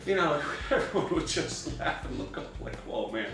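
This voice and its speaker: A film crew member recalling set life in an interview, animated and laughing. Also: male voice, fairly high pitch, normal speed, creaky, far from the mic. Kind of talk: anecdotal interview. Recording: echoey room with faint music.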